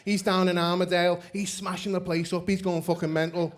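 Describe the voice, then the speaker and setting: A man's voice: high voice, flat delivery, fairly quick, background noise. Crude, giggly Australian stand-up guy. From Perth, Australia. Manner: crude, rambling, laughs at own jokes. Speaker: stand-up comedian. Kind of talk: stand-up set and backstage chat.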